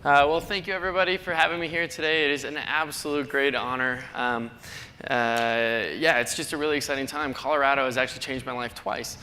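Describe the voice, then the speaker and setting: Conference speaker, man in his 30s, bright tone, faint background noise, casual and self-mocking. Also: steady tone, a little fast. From North Dakota, USA. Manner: chatty, self-deprecating, acts out quoted people in a higher voice. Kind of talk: keynote talk. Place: large conference hall. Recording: long hall reverb, faint noise.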